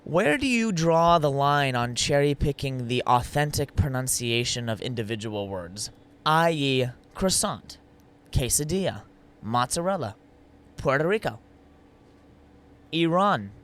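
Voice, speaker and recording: A man's voice: medium pitch, lively intonation, normal speed, hardly any pauses, fairly bright tone, smooth. A man co-hosting a podcast, asking playful, teasing questions in casual chat with rambling restarts. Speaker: podcast co-host.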